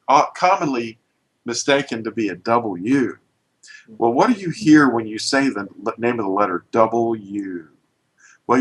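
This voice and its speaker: A man's voice: mid-range voice, low-quality recording. A man teaching an informal lesson, pointing at letters and explaining with emphatic, restarting speech.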